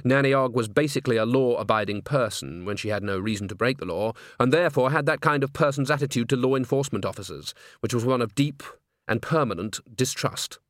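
Man, audiobook narrator, wry, measured, close dry mic. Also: mid-range voice, no room sound. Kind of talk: scripted narration.

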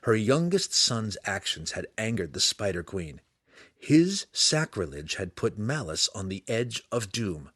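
A man narrating a fantasy audiobook with a dramatic, expressive reading. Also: fairly low pitch, measured pace, slightly rough, no echo, studio quality.

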